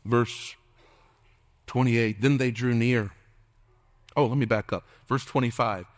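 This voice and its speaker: A middle-aged man preaching a sermon as pastor, impassioned, calling out to the congregation and at times dropping to a hushed whisper. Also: medium pitch, steady tone, takes it slowly, no echo, studio quality. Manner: calls out to the congregation for responses.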